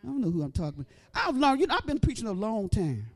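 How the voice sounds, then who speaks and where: Delivering a fast sermon, this female preacher begins softly at a low pitch and builds toward shouting, her lines turning sing-song and rhythmically repeated.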